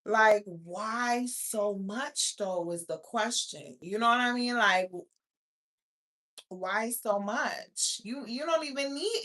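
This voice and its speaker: A woman's voice: a little high, slow, pushed and bright. A woman hosting a live stream in casual chat, talking bluntly and profanely to her viewers. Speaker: livestream host.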